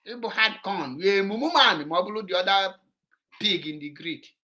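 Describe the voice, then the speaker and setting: A man's voice: high voice, fairly quick, sharp tone. A man with a Nigerian Igbo accent giving an impassioned political monologue, scolding his listeners and switching between English and Igbo. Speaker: political commentator.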